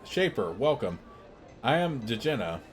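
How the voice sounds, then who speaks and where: An overworked female innkeeper, anxious and humble, apologizing often and deferring to her guest, as a man reads her out. Her talk is timid and careful. The pitch stays at a plain middle level. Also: big pitch swings, measured pace.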